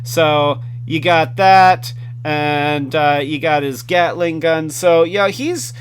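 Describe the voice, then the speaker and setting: Slow-talking enthusiastic man reviewing toys. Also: fairly high pitch, slight background noise. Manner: enthusiastic, rambling with fillers and restarts. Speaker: toy review host. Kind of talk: casual hands-on product review.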